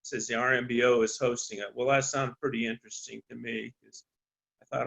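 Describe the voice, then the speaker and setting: A man's voice: mid-range voice, flat delivery, creaky, fairly bright tone, poor audio. Folksy rancher man telling a story. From eastern Colorado. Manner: folksy, halting, many ums and restarts. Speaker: rancher on a landowner panel. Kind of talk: storytelling on a panel talk.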